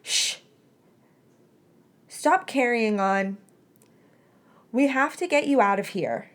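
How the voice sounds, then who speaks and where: A wry, teasing teenage wizard boy, voiced by a woman reading a story aloud. He talks in a dry, joking, mock self-pitying way, a little higher than her usual voice. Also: expressive, slow pace. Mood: coaxing.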